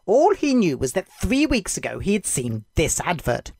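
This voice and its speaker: A devotional podcast host telling a story for children in a gentle, clear way. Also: mid-range voice, wildly swooping pitch, normal speed, no room sound, studio quality.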